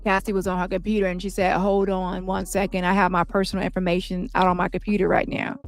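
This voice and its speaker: A woman reading the part of a man testifying in court, recounting events in a plain, halting way, with faint music behind. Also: fairly low pitch, level tone, lightly acted. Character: shaken male witness testifying at trial.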